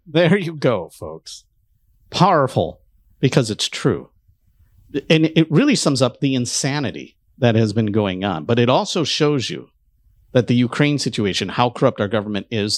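A man's voice: mid-range voice, no echo, studio quality. A man hosting a show, giving urgent, emphatic political commentary straight to his audience. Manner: emphatic, urgent, sweeping claims.

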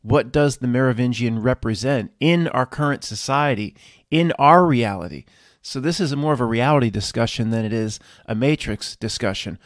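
A man's voice: mid-range voice, moderate pace, dry recording. Dude talking through a theory on his channel, earnest and emphatic, dry room sound. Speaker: video commentator. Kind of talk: casual commentary.

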